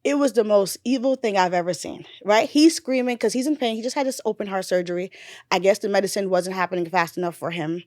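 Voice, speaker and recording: A young adult woman, a mother, candidly telling her story in a casual interview, animated, with blunt slang and swearing. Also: medium pitch, fast talker, dry recording, clean studio sound.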